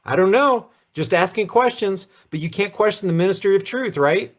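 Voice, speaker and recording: A man's voice: sits high, animated, normal speed. A man hosting a political commentary rant, sarcastic and full of rhetorical questions. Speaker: commentary host.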